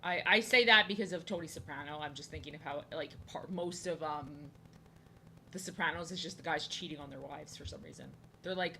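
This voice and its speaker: A woman's voice: low voice, brisk, sharp tone, slight background noise. A young woman streaming from home, rambling and joking as she draws, often repeating herself. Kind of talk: casual chat while drawing. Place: home, indoors.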